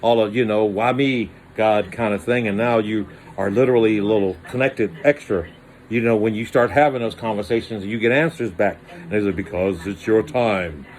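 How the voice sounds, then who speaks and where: A man telling a rambling comic monologue in a slangy, animated way, jumping into high voices for quoted lines. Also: a little fast. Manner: animated, slangy, acts out voices with pitch jumps. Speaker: monologue storyteller.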